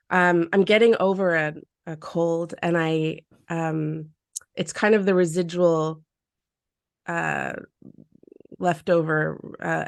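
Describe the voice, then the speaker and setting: A lower-pitched woman from Canada speaks in a thoughtful, reflective way, her voice nasal and hoarse from a lingering cold. She talks from her home office, and the sound is close and dry. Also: no echo. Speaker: guest, mindset coach. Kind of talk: casual podcast interview.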